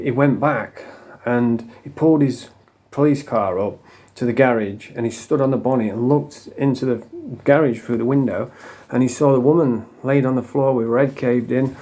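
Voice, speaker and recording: Sweary Northern English man with a dark voice. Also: mid-range voice. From England. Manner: rambling, sweary and emotional, with frequent "you know what I mean". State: coming off drugs. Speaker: vlogger. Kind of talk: casual storytelling monologue.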